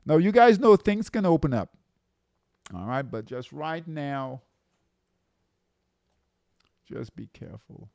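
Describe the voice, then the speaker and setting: A man's voice: fairly high pitch, big pitch swings, takes it slowly, vocal fry, pauses often, darkish tone, no room sound, clean studio sound. A man running a live trading lesson, walking through charts and checking in with "okay?" and "right?" as he talks. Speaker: trading coach.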